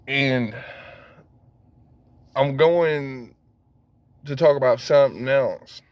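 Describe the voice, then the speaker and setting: Slow-talking man on a profane rant. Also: mid-range voice, darkish tone, no echo. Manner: rambling, swears heavily, laughs at himself.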